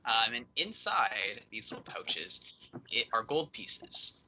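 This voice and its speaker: A man narrating as dungeon master of a streamed tabletop game, lively and halting with many fillers. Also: fairly low pitch, a little hiss or hum, low-quality recording.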